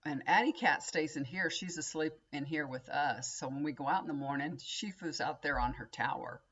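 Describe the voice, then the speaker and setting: A woman's voice: sits low, normal speed, fairly bright tone, slightly rough, lo-fi sound. A woman chatting casually to her viewers, rambling, folksy and full of asides. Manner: chatty, folksy, addresses viewers as y'all, frequent laughs and asides. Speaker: tarot reader and vlogger. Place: home.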